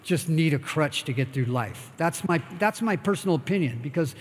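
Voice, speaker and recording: Man over sixty, from the United States, fairly high voice, blunt profane talk, rambling, long reverb of a big hall. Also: expressive, normal speed. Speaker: guest speaker. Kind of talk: candid live talk with audience questions. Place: expo talk stage in a large hall.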